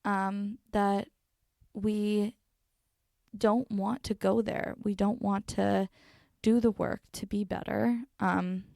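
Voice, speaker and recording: A young woman talks earnestly into a close microphone, working through her thoughts with plenty of "um"s and restarts. Her voice has a gravelly, fried edge and sits at an ordinary pitch. The sound is dry and close, with almost no room around it. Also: fairly even intonation, slow pace, darkish tone, no echo. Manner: earnest, thinking aloud with many fillers and restarts. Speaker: podcast host. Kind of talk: reflective solo podcast talk. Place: sitting in a chair at a microphone. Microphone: studio microphone, close.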